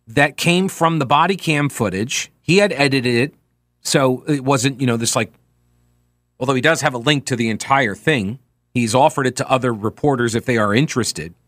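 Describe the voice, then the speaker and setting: A man's voice: medium pitch, fairly bright tone, no echo. A male talk radio host giving a chatty, sardonic monologue from a radio studio, with lots of fillers. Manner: conversational and sardonic, with frequent fillers.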